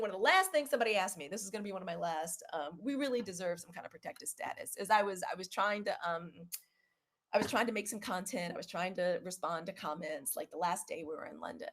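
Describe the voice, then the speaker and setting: Chatty woman hosting a livestream. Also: medium pitch. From Southern US (Mississippi). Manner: chatty and animated, says y'all, quotes others in lively put-on voices. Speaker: host of a live video. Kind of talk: casual livestream monologue.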